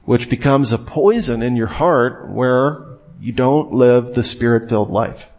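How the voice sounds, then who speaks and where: A man's voice: mid-range voice, unhurried, a little mellow. A young man preaching a casual, conversational sermon, often acting out imagined inner voices and asking the listeners questions.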